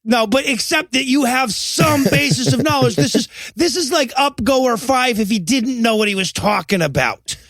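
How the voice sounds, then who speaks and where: High-voiced sarcastic man ranting. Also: animated, moderate pace, few pauses, fairly bright tone, no room sound, soft background music. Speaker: podcast co-host. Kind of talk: comedic movie-review banter.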